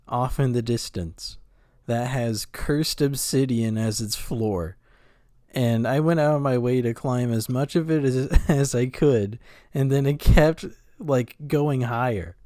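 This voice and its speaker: A young man co-hosting a podcast in relaxed chat, easygoing and a little hesitant, chuckling often. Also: mid-range voice, slow, dry recording, clean studio sound. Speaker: podcast co-host. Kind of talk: casual chat.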